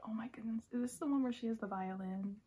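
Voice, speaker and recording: A woman's voice: fairly high pitch, fast talker, mellow. Woman, giddy unboxing vlogger, gushing, slips into whispers, faint background hiss. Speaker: K-pop fan vlogger. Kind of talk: excited unboxing vlog.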